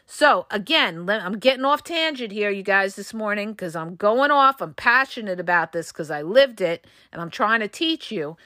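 A woman's voice: a little high, pushed and bright, dry recording, clean studio sound. A woman hosting a solo podcast, talking passionately and bluntly to her listeners, with emphatic delivery. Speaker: podcast host and coach.

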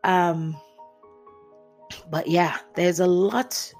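A woman talks through a reality TV episode in a casual, animated way. She slips into the voices of the people she quotes and breaks into laughs now and then. Faint music plays underneath her. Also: fairly low pitch, very slow. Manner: animated storyteller, acts out quotes, laughs often. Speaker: reality TV commentator. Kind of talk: casual chat recapping reality TV.

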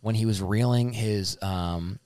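A man's voice: on the low side, unhurried, dark tone, smooth, no echo. A man in his thirties co-hosting a casual chat, telling loose, joking stories in a rambling way. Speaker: podcast co-host.

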